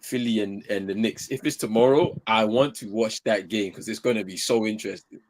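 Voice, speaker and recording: A man with a British accent, co-hosting a casual basketball watchalong, excitable and stammering. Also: lowish voice, fairly quick. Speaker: co-host of a sports watchalong. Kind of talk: casual chat.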